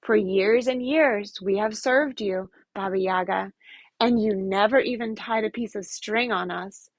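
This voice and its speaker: Woman doing slow, aggrieved talking birch trees, storybook. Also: medium pitch, dry recording.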